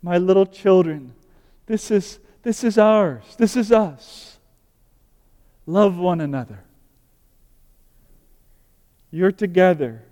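A tender, comforting male teacher speaks sweetly to his followers, as a preacher gives him voice. The voice is smooth, mellow and a little raised, and it rings with the long reverb of a large hall. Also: high-pitched, lively intonation, slow, pauses often, voice pushed up. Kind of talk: sermon scripture reading.

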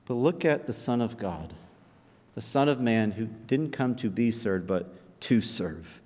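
A man preaching a sermon in a large church, building to loud, high climaxes and falling to near whispers. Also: lively intonation, unhurried. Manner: impassioned, swelling loud and high then dropping to a near whisper. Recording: long reverb of a large hall.

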